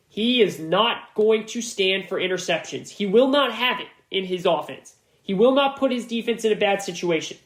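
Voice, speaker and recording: Guy doing a solo sports podcast, casual and punchy, keeps repeating stuff for emphasis, echoey room. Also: high-pitched. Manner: emphatic, repeats key points for stress; casual and conversational, with slang. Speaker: podcast host.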